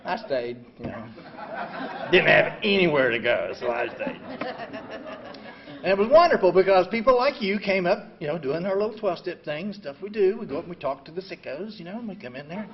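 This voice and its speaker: An older man in his seventies sharing his story at a recovery meeting. He is blunt and self-mocking, says "you know" constantly, and swings between quiet reflection and loud outbursts. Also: high voice, expressive, a little fast, some chatter behind. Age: 70s. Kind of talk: personal recovery talk. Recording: dull lo-fi recording.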